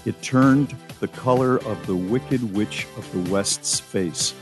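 A man's voice: fairly low pitch, takes it slowly, over music. A man hosting a radio talk show, telling a wry, self-mocking story about a home chore. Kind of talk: casual radio chat.

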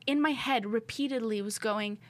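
A woman co-hosting a faith podcast, talking in an earnest, animated way about prayer and her own struggles. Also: fairly high pitch. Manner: animated, earnest, quick to rebuke and laugh. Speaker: podcast co-host. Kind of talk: faith-based casual chat.

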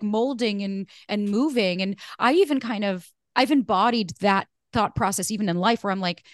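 Woman podcast host, quick and animated, frank, swears easily, dry close sound. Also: mid-range voice, dry recording. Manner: candid, animated, curses freely. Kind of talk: casual chat.

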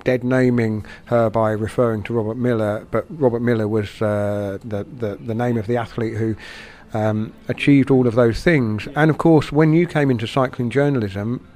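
A male interviewer lays out background before each question in a measured, even manner. His voice sits at a plain middle pitch.

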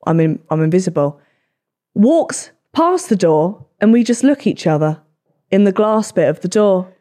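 A young woman, hosting a podcast and telling stories in casual chat, swearing freely. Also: medium pitch. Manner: swearing, quick animated storytelling. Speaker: podcast host.

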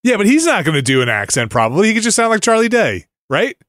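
Podcast host, male, lively up-and-down delivery, dry close mic. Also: high voice, fast talker, no room sound. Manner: animated, laughs often, trails off into mumbles. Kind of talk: casual chat.

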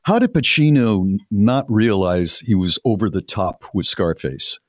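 A man's voice: lowish voice, lively intonation, unhurried, no echo. A man hosting a radio show who makes wry, dry remarks in casual banter.

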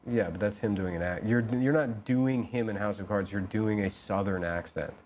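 Brief: deep-ish male co-host, deadpan mocking, faint background noise. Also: normal speed. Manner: dry, teasing, mocking. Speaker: podcast co-host. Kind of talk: casual comedic banter.

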